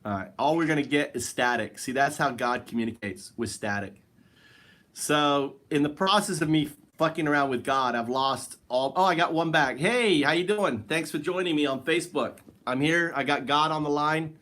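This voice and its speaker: A man's voice: a little high, normal speed, a bit bright. A man hosting a solo livestream from home, rambling in a wry, joking way and talking to an absent listener. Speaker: livestream host.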